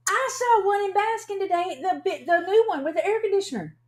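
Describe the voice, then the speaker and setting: A woman's voice: very high-pitched, brisk. A woman co-hosting a casual live stream, chatty and giggly, reading out viewer names.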